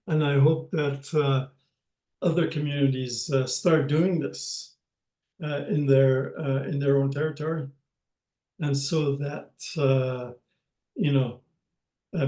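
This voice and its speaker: An older man teaching a language lesson over a video call, speaking haltingly with many pauses and restarts. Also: mid-range voice, mellow, roomy sound, low-quality recording.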